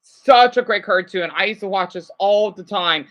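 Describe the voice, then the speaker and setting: A woman live-streaming, chatting casually to her viewers in a rambling, excitable way, full of fillers. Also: medium pitch, normal speed, highs cut off.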